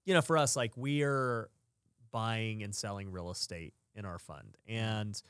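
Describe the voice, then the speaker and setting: A man's voice: lowish voice, unhurried, fairly bright tone, clear, resonant tone, dry recording, clean studio sound. A man hosting a podcast, casually asking his guest follow-up questions. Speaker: podcast host. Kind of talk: casual interview chat.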